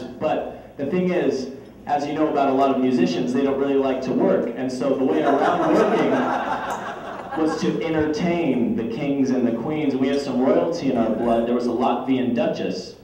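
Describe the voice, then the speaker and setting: A man's voice: medium pitch, normal speed, warm tone. A man, a grandson, giving a humorous birthday speech full of playful family anecdotes. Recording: echoey hall from far off, crowd noise.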